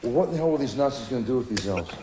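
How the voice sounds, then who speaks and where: A man's voice: mid-range voice, lively intonation, rapid-fire, natural voice. An actor playing a blunt, skeptical male investigator, from an old film soundtrack. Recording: echoey noisy film audio.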